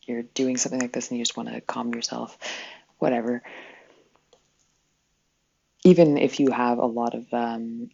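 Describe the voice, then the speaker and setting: A woman's voice: a bass voice, vocal fry, darkish tone, breathy edge, muffled recording. A woman hosting a live spiritual healing session in casual, rambling talk. She corrects herself often and chuckles along the way.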